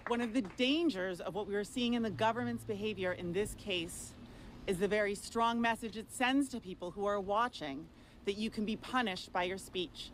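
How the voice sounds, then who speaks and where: A woman's voice: mid-range voice, normal speed, a little hiss or hum, low-quality recording. Firm, formal woman lawyer. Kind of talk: press statement.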